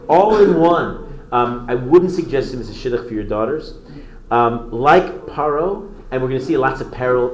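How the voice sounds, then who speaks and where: A man teaching a lively, conversational storytelling class who quizzes his listeners as he goes. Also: medium pitch, echoey room, slight background noise, low-quality recording. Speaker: Torah teacher.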